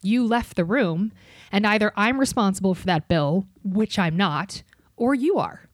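A woman hosts a podcast and tells a story in easy, casual chat, her pitch leaping up and down as she acts out the people in it. She swears freely. The sound is dry and close. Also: measured pace, dry recording. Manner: animated, swears freely, acts out other voices. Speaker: podcast host.

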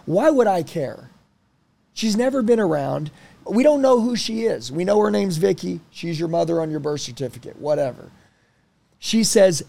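A man in his thirties telling personal stories in a casual interview, blunt and animated, swearing freely. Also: high-pitched, normal speed, vocal fry, dry recording. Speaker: guest.

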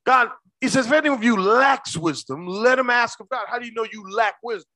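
A man preaching a sermon as pastor, quizzing his congregation with quick questions and slowing down hard to stress key words. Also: extremely high pitch, bright, forceful tone, no room sound. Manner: call-and-response questions to the congregation.

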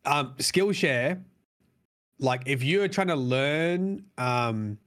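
A man talking casually as a podcast co-host. He rambles from point to point, drops swear words without a second thought and leans on plenty of fillers. His pitch sits in an ordinary middle range. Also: animated, very slow, fairly bright tone. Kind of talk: casual chat.

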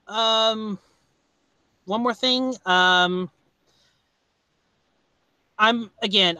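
Male podcast host, high bright voice, rambling and halting, dry close recording. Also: clear, resonant tone, no room sound. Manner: rambling, halting, many restarts and fillers. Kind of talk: casual movie review chat.

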